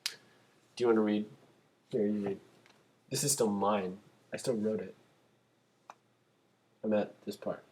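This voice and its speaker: A young man co-hosting a casual podcast, reading his own fan script aloud and breaking into animated asides. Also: lowish voice, slow, pauses often. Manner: animated, bursts into laughing shouts.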